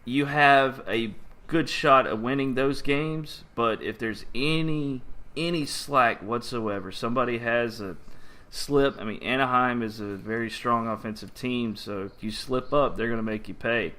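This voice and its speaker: A man's voice: mid-range voice, unhurried, sharp tone. A man co-hosting a casual sports podcast, laughing often and steering the talk from topic to topic.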